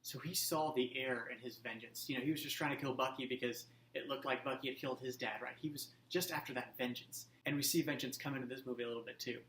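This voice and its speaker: A man's voice: medium pitch, fairly even intonation, fast, few pauses, fairly bright tone. Chatty young man in an echoey room. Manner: enthusiastic, chatty, loose fillers. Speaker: host. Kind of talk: casual movie review. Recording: echoey room with faint hum.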